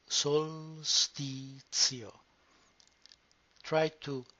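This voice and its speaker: A woman teaching pronunciation, modelling each word slowly and deliberately. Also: very deep voice, creaky, bright, forceful tone, breathy edge. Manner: slow, deliberate, drawn-out modelling of words. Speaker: language teacher. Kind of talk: slow pronunciation lesson. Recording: muffled lo-fi recording.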